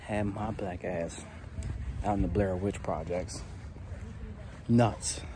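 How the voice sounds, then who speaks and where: A young man with a fairly low voice chats into a handheld camera out in the woods. He talks in a loose, joking, excitable way. The outdoor camera audio is noisy, with traffic passing somewhere in the background. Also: takes it slowly. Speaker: vlogger. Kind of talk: casual vlog narration.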